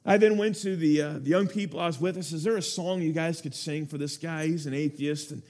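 A man's voice: on the high side, steady tone, fast talker, a little mellow. A man preaching a sermon, telling a story with earnest feeling and building to urgent appeals to his listeners.

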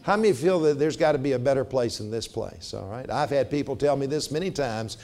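Man, middle-aged, preaching a sermon, deliberate pauses on scripture. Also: medium pitch, animated, a little mellow. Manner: measured, slows for emphasis on scripture. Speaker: pastor.

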